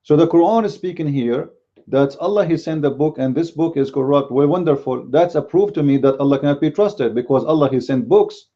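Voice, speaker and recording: Blunt, dark-voiced man with Arabic as first language. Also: a little high, muffled recording. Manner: blunt and combative, speaks bluntly by his own account. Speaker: Christian apologetics commentator. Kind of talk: casual video commentary.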